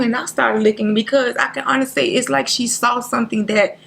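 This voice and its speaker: A woman, a guest on a talk show, telling a painful personal story in an earnest, halting way, near tears, acting out what others said. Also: a little high, fairly even intonation, creaky, a bit bright, husky. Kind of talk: emotional personal story in interview.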